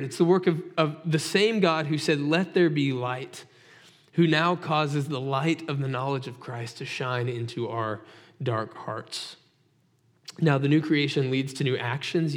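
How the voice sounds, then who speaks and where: A pastor with a voice on the high side delivers a sermon in an echoing hall with long reverb. His preaching is conversational and full of rhetorical questions.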